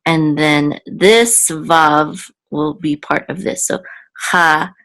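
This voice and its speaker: Slow, patient low-voiced woman teaching. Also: fairly even intonation, fairly bright tone. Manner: slow, patient, many ums and self-corrections. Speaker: Hebrew teacher. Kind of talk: online lesson, reading word by word.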